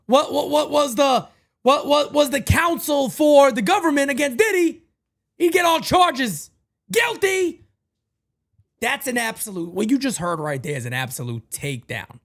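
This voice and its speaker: Man, fan show host, emotional rant, very lively pitch, muttering to shouting. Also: normal speed.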